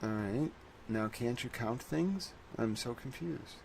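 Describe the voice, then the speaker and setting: A man's voice: medium pitch, slow, vocal fry, a little mellow, slight background noise. A man hosting a casual livestream, rambling to his chat while he fiddles with on-screen settings. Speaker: livestream host.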